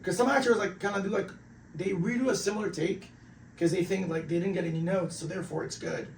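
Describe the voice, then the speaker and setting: A man hosting a casual podcast chat, throwing in quick slangy interjections and casual swearing. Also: high voice, vocal fry, reverberant, far from the mic, a little hiss or hum, rough recording. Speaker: podcast host.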